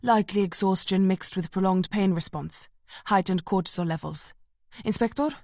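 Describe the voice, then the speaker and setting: Woman voicing a brisk, steady male medic. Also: mid-range voice, no room sound, studio quality, close to an everyday voice. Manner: quick, steady, matter-of-fact. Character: calm, brisk male first aider on radio.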